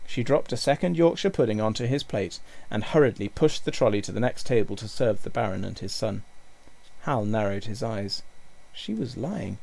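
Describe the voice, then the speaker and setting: A male teacher reading a children's book aloud with expressive storytelling. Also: fairly low pitch, vocal fry. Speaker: primary school teacher.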